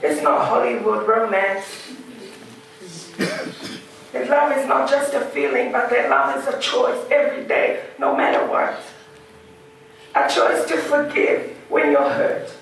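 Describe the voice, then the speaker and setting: A woman's voice: high voice, expressive, a little slow, gravelly, long pauses, a little hiss or hum. A woman gives a heartfelt funeral eulogy, laughing through memories. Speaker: widow giving a eulogy. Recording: echoey hall, distant mic.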